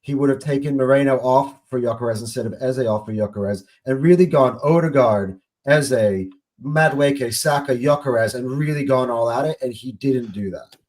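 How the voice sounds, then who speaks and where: A man's voice: medium pitch, normal speed, a little mellow. A man on a football podcast panel, earnest and conceding points. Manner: earnest, conceding, lists players. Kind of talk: casual football debate.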